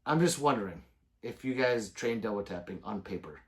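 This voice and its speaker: A man hosting a casual livestream, reading viewer comments aloud, joking and swearing freely with loud sudden outbursts. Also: lowish voice, lively intonation, moderate pace. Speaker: gun channel livestream host.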